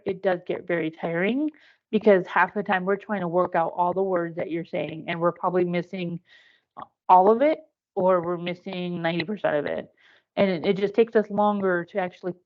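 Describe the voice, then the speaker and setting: A woman giving an instructive online presentation, offering direct, earnest advice and acting out short examples, heard over a video call. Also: mid-range voice. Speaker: workshop presenter. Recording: dull lo-fi video-call audio.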